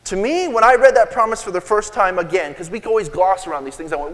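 A man preaching a sermon, telling stories and acting out quoted lines with sudden shouts. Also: sits high, lively intonation, quick pace. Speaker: pastor. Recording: long hall reverb.

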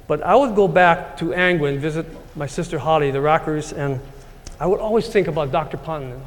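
Man in his sixties, slightly higher voice, rambling heartfelt story, church hall, long reverb. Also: a little fast. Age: 60s. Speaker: church speaker. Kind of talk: personal story talk.

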